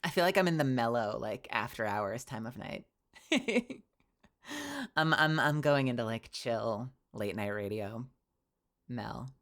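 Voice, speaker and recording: A woman's voice: rumbling low, a little slow. A young woman streaming casually, bubbly and rambling, often laughing. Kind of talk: casual livestream chat.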